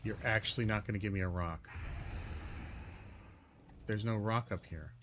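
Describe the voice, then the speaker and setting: A man narrating his own gameplay, muttering and cursing in exasperation, with sudden loud outbursts. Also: on the low side, moderate pace, a little hiss or hum. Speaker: gaming video host. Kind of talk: let's-play commentary.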